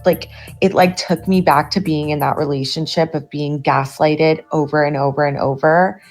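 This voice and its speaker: A young woman venting a personal story to camera, agitated and swearing, her voice getting louder in bursts. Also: sits low, steady tone, moderate pace, faint music behind. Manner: agitated, swearing, rising to loud outbursts. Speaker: TikTok storyteller.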